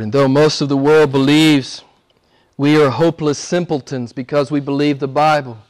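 High-voiced male preacher, loud to whispered. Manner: swings from loud high exclamations to hushed whispers. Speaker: pastor. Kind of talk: sermon.

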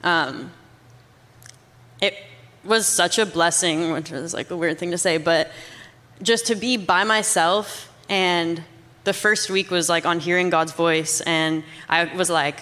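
A woman's voice: on the low side, steady tone, slow pace, a bit bright, big-room sound. A young Canadian woman telling her story in a casual, rambling way, filling her speech with "like". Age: young adult. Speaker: guest. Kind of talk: casual testimony chat.

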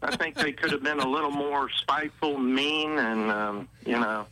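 A man's voice: medium pitch, steady tone, normal speed, bright, forceful tone, rough recording. Folksy laughing male radio caller. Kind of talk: casual call-in chat.

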